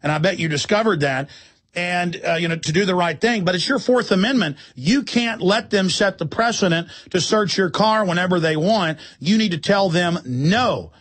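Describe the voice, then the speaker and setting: A man hosting a radio call-in show, ranting forcefully and acting out his own exchanges with police. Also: high-pitched, normal speed. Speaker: radio talk show host.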